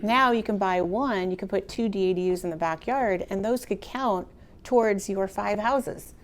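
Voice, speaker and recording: A middle-aged woman giving a motivational real estate talk to a live audience, chatty and animated, speaking straight to the room. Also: medium pitch, normal speed. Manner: conversational, animated, addresses the audience directly.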